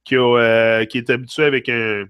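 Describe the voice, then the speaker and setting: A man's voice: mid-range voice, little pitch movement, brisk, smooth, no echo, lo-fi sound. A young man with a Quebec French accent hosting a casual live chat with viewers, switching between French and English with many fillers. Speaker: livestream host.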